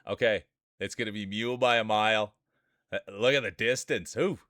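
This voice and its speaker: Calling live marble races on his stream, a man hypes things up, rambles, greets viewers by name, and laughs at the wild moments. His lowish voice is a bit bright at a moderate pace, in a dry, studio-quality recording.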